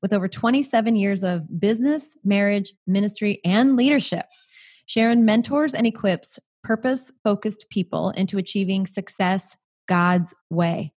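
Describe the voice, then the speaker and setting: An American woman hosting a podcast, enthusiastic and gushing, with quick asides. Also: mid-range voice, a little mellow, slightly rough. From United States. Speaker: podcast host. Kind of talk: podcast intro and interview.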